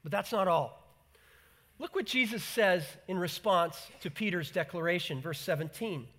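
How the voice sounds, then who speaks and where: A man preaching a sermon in an animated way, acting out the voices he quotes and repeating words for emphasis. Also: high-pitched, normal speed. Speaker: pastor.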